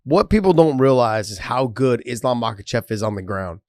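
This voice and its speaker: A man's voice: medium pitch, animated, moderate pace, a little mellow, no echo. Casual male podcast host, dry close mic. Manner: loose, swears casually, reads sponsor promo. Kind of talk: casual sports chat.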